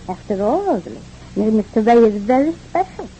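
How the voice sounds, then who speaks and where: A woman's voice: fairly high pitch, very animated, a little fast, warm tone, a little hiss or hum. An actress playing a talkative, kindly immigrant mother, stammering and philosophizing in 1940s radio acting. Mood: chatty. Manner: stammering repeats, rambling and philosophizing. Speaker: mother of the family. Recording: dull old radio recording.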